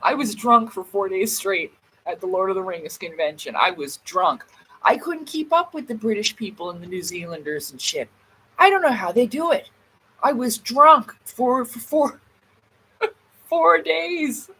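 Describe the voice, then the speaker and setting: A woman's voice: medium pitch, sing-song, normal speed, a bit bright, breathy edge, low-quality recording. A woman in her thirties chatting on a livestream, telling a funny story, laughing and catching herself swearing. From Canada. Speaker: livestream vlogger. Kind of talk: casual storytelling chat. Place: home, by a door while smoking.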